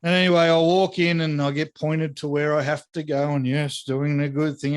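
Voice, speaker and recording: Animated, swearing man. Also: fairly high pitch, moderate pace, hardly any pauses, clear, resonant tone. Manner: animated, profane storyteller acting out dialogue. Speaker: podcast co-host. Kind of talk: casual chat.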